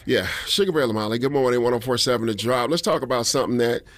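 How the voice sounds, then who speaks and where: A man's voice: mid-range voice, quick pace, no room sound. Jokey radio host man from Detroit. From Detroit, USA. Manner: animated, jokey, imitates sounds. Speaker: radio morning show host. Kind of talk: casual morning radio banter. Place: radio studio. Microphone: studio microphone.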